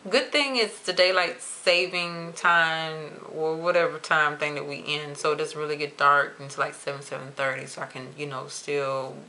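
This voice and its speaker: Young woman vlogging, chatty and expressive, bright forceful voice, pitched a bit low. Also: a little hiss or hum. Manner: chatty, expressive, drawn-out emphasis. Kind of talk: casual chat to camera.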